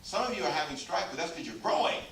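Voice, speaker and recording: Male pastor, fairly high voice, preaching with humor and call-and-response, picked up from afar in a roomy church. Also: expressive, fast talker, fairly bright tone, a little hiss or hum. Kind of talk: sermon. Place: church sanctuary. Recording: echoey church hall, mic far off.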